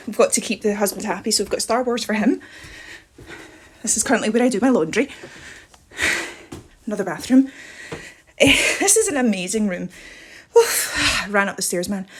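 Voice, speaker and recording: A young woman talking fast and cheerfully as she walks through her house. She sounds a bit out of breath from climbing stairs, with a middle-pitched voice and easy, self-mocking asides. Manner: chatty, quick, self-mocking with laughs. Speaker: vlogger. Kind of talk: house tour vlog. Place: her own house, walking room to room.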